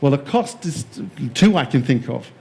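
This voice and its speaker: A man's voice: medium pitch, sing-song, normal speed, vocal fry, warm tone. A man giving a conference keynote, jokey and playful, quizzing the live audience in the room. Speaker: keynote speaker. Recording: echoey room.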